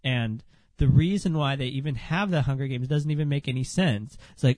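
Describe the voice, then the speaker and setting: A man's voice: on the high side, lively intonation, normal speed, dark tone, no echo. A man hosting a solo podcast rant, sarcastic and dismissive, and sounding a bit under the weather. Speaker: podcast host.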